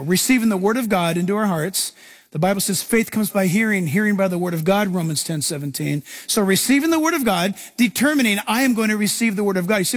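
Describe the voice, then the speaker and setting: A male pastor preaching a sermon, teaching from the Bible and acting out the scenes he describes. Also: high-pitched. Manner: animated preacher, acts out scenes.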